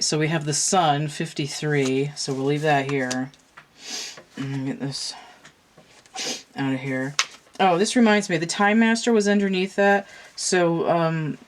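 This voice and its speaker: Brief: woman card reader, unusually low voice, chatty and rambling, stuffed-up from a cold. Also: slight background noise. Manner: rambling, chatty, with many fillers and restarts. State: congested from a cold. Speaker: tarot and oracle card reader. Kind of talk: casual chat while doing a card reading.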